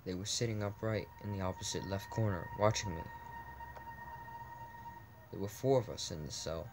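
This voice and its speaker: A man's voice: low voice, normal speed, noisy background. A man reading a text adventure game aloud in a casual let's play, often restarting words and adding asides.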